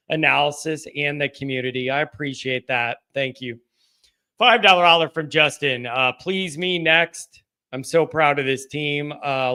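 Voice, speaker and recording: A man hosting a live call-in fan show, talking in a subdued, halting way with frequent restarts as he reads out donations. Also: a little high, bright, forceful tone, clear, resonant tone. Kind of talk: casual live-stream chat, reading donations.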